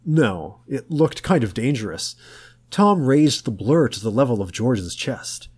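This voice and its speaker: A man reading a novel aloud as an audiobook narrator in a slow, measured, low-key manner. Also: sing-song, a little mellow, husky. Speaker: audiobook reader.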